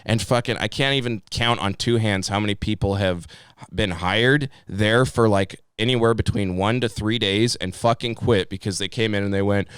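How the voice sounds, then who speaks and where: Podcast co-host, man, 20s: smooth clear voice, dry close mic, angry profane rant. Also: fairly low pitch, moderate pace, no room sound. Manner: heated, profane, mocking put-on voices. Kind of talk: profane ranting podcast talk.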